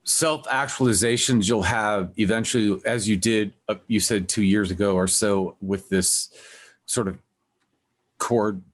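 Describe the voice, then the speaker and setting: A man hosting a music podcast, talking in a casual, rambling way and acting out quotes with lively voices. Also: fairly low pitch, measured pace. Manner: rambling, animated when quoting others. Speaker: podcast host. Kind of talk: casual conversational interview.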